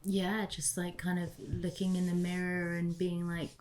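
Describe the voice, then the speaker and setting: A woman from the UK talks in a casual, reflective conversation, and "like" keeps running through her sentences. Her voice sits on the lower side, and faint background noise can be heard. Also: completely flat delivery, a little slow, darkish tone. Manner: chatty, heavy use of "like". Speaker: guest.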